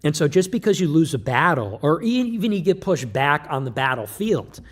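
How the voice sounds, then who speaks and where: A man's voice: a little high, very animated, normal speed. A man delivering an emphatic, lecturing livestream monologue, loose and joking in tone. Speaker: livestream commentator.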